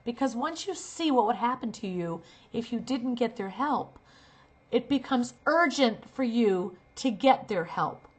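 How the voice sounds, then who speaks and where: A woman's voice: on the high side, lively intonation, a little slow, husky. A middle-aged woman teaching a casual acting lesson, acting out sample lines as she explains. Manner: demonstrates lines, shifting from earnest to sarcastic. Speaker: acting coach and talent manager.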